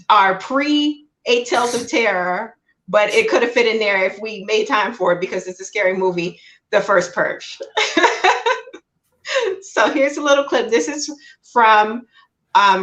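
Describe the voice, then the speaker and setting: A woman co-hosting a casual group chat about movies, playful and quick to laugh. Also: mid-range voice, a bit bright, rough recording. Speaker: podcast co-host.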